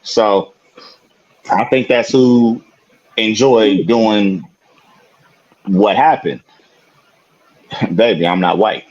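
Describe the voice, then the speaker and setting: A man's voice: fairly low pitch, extremely slow, pauses often, darkish tone, highs cut off. A man co-hosting a podcast, telling a story in casual chat, laughing often and swearing freely. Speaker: podcast co-host.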